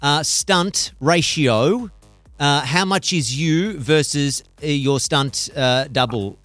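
Aussie guy interviewing, bantering and laughing, slightly higher voice, dry close sound, light music behind. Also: slow, fairly bright tone, no echo. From Australia. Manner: chummy, laughs easily, bantering. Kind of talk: casual press interview.

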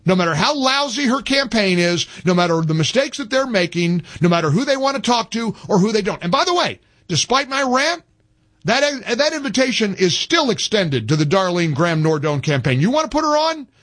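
A man's voice: high voice, very animated, fairly quick, a bit bright. A man hosting a talk radio show, ranting emphatically and reading an ad himself. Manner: fired-up, emphatic, repetitive. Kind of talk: talk radio rant and host-read ad.

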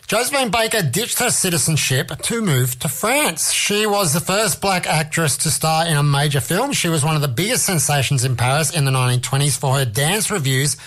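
Radio dj guy, bit high-pitched, chatty and joking with himself between tracks. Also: fairly bright tone. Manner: chatty, self-mocking asides. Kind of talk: casual radio chat.

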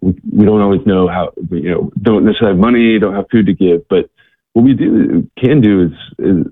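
Low-voiced earnest man on a tinny line. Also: no room sound. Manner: halting, many restarts and fillers, earnest. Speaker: guest, missionary organization worker. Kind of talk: interview storytelling. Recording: tinny phone-like line, dry.

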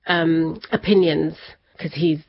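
Woman, lower pitch, animated personal storytelling, muffled recording. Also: takes it slowly, gravelly, husky. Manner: animated, laughs often, acts out family members' words. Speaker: interview guest.

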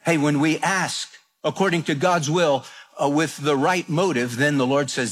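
A man's voice: a little high, moderate pace. A man preaching a radio sermon, telling folksy stories and repeating his points with restarts. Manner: folksy storytelling with repeated phrases.

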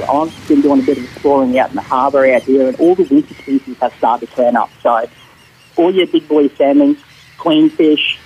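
A male Australian fisherman giving a radio fishing report, relaxed and rambling with lots of fillers. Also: medium pitch, slight background noise, poor audio.

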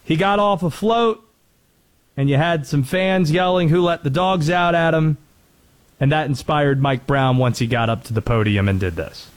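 A man's voice: a little high, normal speed. A man hosting a talk radio show, chatting and joking with callers and co-hosts. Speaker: radio host. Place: radio studio.

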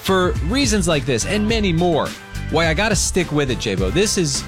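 A man's voice: on the high side, sing-song, normal speed, over music. A man hosting a radio show who gives station IDs and jokes around in casual banter with his co-host.

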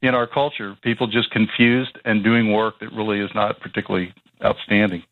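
A man's voice: on the low side, flat delivery, brisk, no echo. A man speaking as a guest on a radio call-in show, explaining his ideas earnestly. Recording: tinny phone line.

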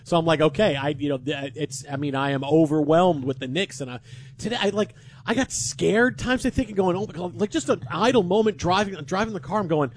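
A man hosting a sports radio show, telling stories with lively, self-mocking asides. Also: sits high, a little fast, a little hiss or hum.

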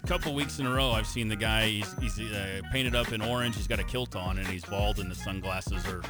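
A man hosting a sports radio show, chatting casually and joking with his co-host. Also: lowish voice. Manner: joking, quick back-and-forth. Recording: radio studio with music bed.

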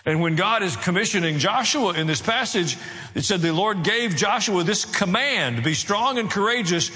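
A man's voice: high voice, animated, normal speed, bright, forceful tone. Male pastor, sermon delivery, wry asides, emphatic build, long hall reverb. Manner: builds to raised, emphatic preaching.

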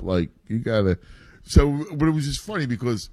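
A man's voice: mid-range voice, expressive, normal speed, a little mellow, dry recording. A middle-aged man hosting a casual chat about youth baseball, rambling with lots of restarts and asides. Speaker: podcast host and youth baseball coach.

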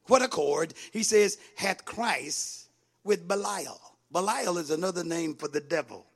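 Man preaching a sermon: gravelly, high-pitched voice, swings from hushed asides to rousing shouts. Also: animated, a little slow. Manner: builds from quiet talk to sing-song shouting; call-and-response with congregation.

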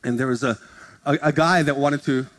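A man's voice: mid-range voice, normal speed. A male pastor preaching a sermon, telling stories in a casual, joking way and acting out conversations in different voices. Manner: animated, acts out dialogue in shifting voices. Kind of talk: sermon storytelling. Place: church service in front of a congregation. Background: guitar music from the worship team.

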